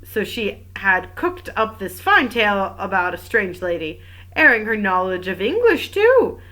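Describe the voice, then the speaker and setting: A woman's voice: mid-range voice, sing-song, unhurried, sharp tone, poor audio. A woman reading the part of a stubborn, gossipy old female French servant, speaking firmly and with emphasis.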